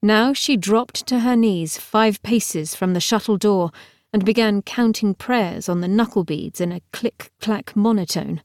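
A woman's voice: medium pitch, unhurried, darkish tone, no room sound. Woman narrating an audiobook, dry sound. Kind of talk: scripted narration.

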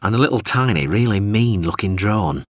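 A man reading a story, voicing a loud, excitable male mercenary who has been drinking. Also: lowish voice, normal speed, no room sound. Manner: loud, emphatic. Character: excitable, tipsy male mercenary, wide-mouthed.

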